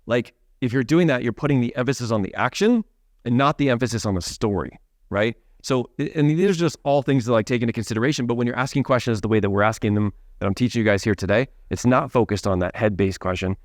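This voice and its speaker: A man's voice: medium pitch, fast, no echo, studio quality. A man leading a live coaching workshop, talking conversationally and often checking in with "right?". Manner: animated, conversational, frequent "right?" tag questions. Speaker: leadership coach.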